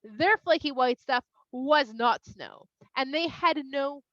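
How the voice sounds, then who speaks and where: A woman from Toronto, telling a kids' story in an animated, expressive way with playful asides. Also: high voice, slow pace, no room sound. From Toronto, Canada. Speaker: children's Bible storyteller. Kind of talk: storytelling for kids. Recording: slightly dull, dry sound.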